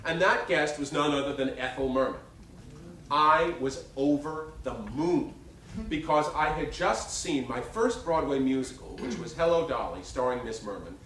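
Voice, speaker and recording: A man in his fifties performing a one-man show, telling stories in an animated, self-mocking way. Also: on the high side, normal speed, a little hiss or hum. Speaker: stage performer. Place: theater stage. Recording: roomy live stage sound from a distance.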